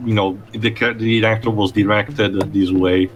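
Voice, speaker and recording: Man, measured let's-play commentary. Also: fairly low pitch, little pitch movement, slight background noise. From Italian-speaking Switzerland. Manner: measured, thoughtful, often pausing to find words. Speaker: game player and commentator.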